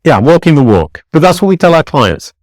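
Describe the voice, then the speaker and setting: A man's voice: on the high side, sing-song, fairly quick, darkish tone, dry recording. A man with a British accent, a podcast guest explaining his ideas in an upbeat, emphatic way. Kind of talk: podcast interview.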